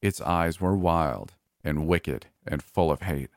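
Very deep-voiced male horror narrator. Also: no room sound, clean studio sound. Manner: measured, calm first-person telling. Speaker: storyteller.

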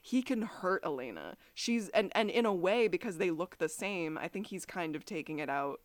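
A woman's voice: lowish voice, moderate pace, dry recording. A young woman co-hosting a podcast, recapping a TV episode in casual chat and often laughing. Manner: animated, laughs often, acts out quotes. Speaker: podcast co-host.

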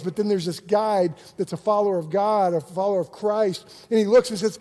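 A man preaching a sermon as a pastor, energetic, acting out quotes and repeating words for emphasis. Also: sits high, normal speed, long reverb tail.

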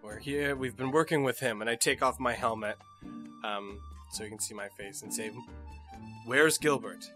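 A man's voice: mid-range voice, fairly even intonation, brisk, over music. A young man casually playing a tabletop game and laughing along. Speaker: player.

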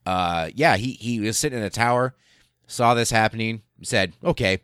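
A man's voice: fairly low pitch, moderate pace, smooth, no echo, clean studio sound. A man hosting a podcast, telling a history story casually and animatedly, with lots of swearing. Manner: profane, animated, laughs while telling. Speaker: podcast host.

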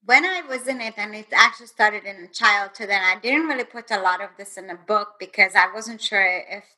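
A woman's voice: mid-range voice, fairly quick, pushed and bright, poor audio. A woman guest and author telling her personal story in an earnest, intense way, speeding up in bursts.

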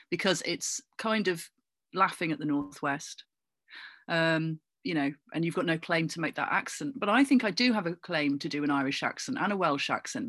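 A middle-aged woman from England, chatting as a guest in an interview, animated and full of asides and fillers. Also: lowish voice, no echo. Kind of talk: casual interview chat.

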